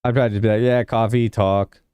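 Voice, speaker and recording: A young man on a livestream, chatting loosely with his viewers and padding his sentences with "like". His voice is smooth and resonant. The sound is close and dry, with no room around it. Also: fairly low pitch, level tone, quick pace, warm tone, no echo. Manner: rambling, heavy use of "like" fillers; laid-back, talks to chat. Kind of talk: casual livestream chat with viewers.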